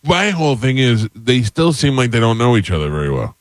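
A man's voice: medium pitch, sing-song, a little fast, no room sound. A man hosting a morning radio show, chatting casually and wryly with his co-hosts in a studio. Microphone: studio microphone.

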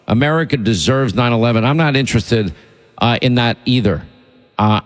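A man's voice: mid-range voice, in a large hall. A male radio host talking in an indignant, emphatic, rambling way. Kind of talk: talk radio monologue.

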